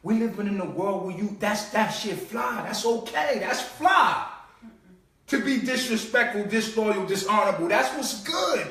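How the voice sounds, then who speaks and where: Man, high voice, streetwise and profane live-stream host, heard from far off in a roomy space. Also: lively intonation, measured pace. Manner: streetwise, profane, mocking, swings between low mutters and loud outbursts. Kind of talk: casual live-stream monologue. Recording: echoey room, far from the mic.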